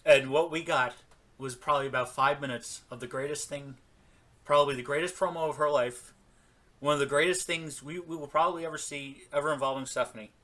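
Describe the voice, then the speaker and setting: A man's voice: fairly high pitch, steady tone, brisk, fairly bright tone. A man co-hosting a casual wrestling podcast, chatty and rambling as he tells what he saw. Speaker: podcast co-host.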